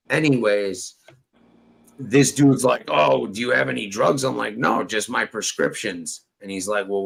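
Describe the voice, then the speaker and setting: A man with a gravelly, creaky voice tells a rambling, profane tale in casual chat. He acts out each quoted line himself. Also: fairly low pitch, a bit bright, poor audio. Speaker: storyteller guest.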